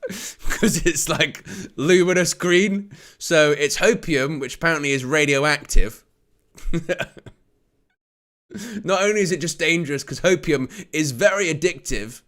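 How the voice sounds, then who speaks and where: Hosting a live football watch-along, a man calls the action in a high, bright voice. He trades jokes with viewers and laughs a lot, and his play-by-play climbs into excited shouting whenever a chance narrowly misses.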